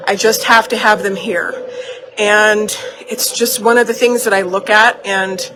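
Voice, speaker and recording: A woman vlogger in her doll shop, chatting heartfelt and rambling, often repeating herself. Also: mid-range voice. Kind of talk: casual chat to camera. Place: indoor doll shop room. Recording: steady motor hum behind voice.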